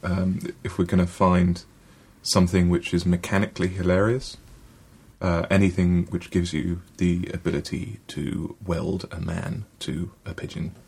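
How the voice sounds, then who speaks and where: Husky, deep-voiced man. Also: flat delivery, unhurried, a little mellow. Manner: rambling, hesitant with many ums. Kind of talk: casual panel chat.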